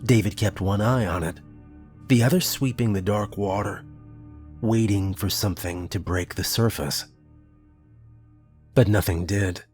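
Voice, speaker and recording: A man reading a scripted horror story in a measured storytelling manner. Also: on the low side, darkish tone, husky. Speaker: narrator.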